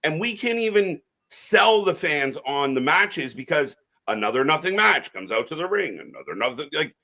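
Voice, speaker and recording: A man's voice: fairly high pitch, sing-song, moderate pace, creaky, sharp tone. A man co-hosting a live wrestling watch-along stream, giving opinionated, rambling takes with frequent restarts.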